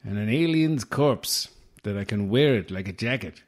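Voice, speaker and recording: An Irish man voicing a bewildered, shaggy male hermit just out of isolation, excitable and demanding. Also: moderate pace. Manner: excitable, demanding, high-pitched.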